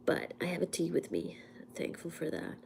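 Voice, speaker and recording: A woman from India hosts a casual livestream from her home. She is hoarse from a cold, speaks softly, often slips into a whisper, and coughs now and then. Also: fairly low pitch, very animated, moderate pace, slight background noise. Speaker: livestream host and physics teacher. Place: at home, indoors.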